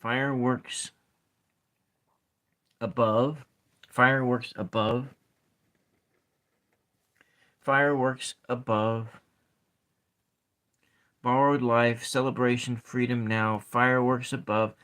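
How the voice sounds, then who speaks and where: Very slow soft-spoken man. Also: medium pitch, fairly even intonation. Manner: slow, halting, counts syllables aloud. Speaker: ASMR channel host. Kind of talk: soft-spoken ASMR poetry session.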